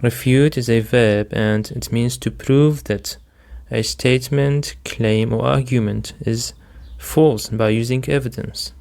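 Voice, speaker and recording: A man's voice: medium pitch, steady tone, slow pace, gravelly, few pauses, darkish tone. A man teaching vocabulary as a second-language speaker, repeating each word and walking through its stress, meaning, synonyms and example sentences step by step. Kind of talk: slow, methodical vocabulary lesson.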